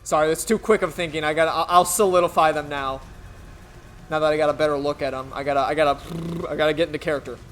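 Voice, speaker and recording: A woman's voice: low voice, steady tone, quick pace, faint music behind. A woman streaming a game and reading its dialogue aloud, playful and joking between lines. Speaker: game streamer voicing characters. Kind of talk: let's-play dubbing of game dialogue.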